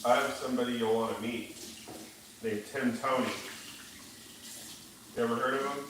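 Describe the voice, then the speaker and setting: A man's voice: medium pitch, steady tone, moderate pace, fairly bright tone, a little hiss or hum. A man hosting a livestream, chatting casually and reading viewer comments in a laid-back, joking and profane way. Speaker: livestream host. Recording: echoey room.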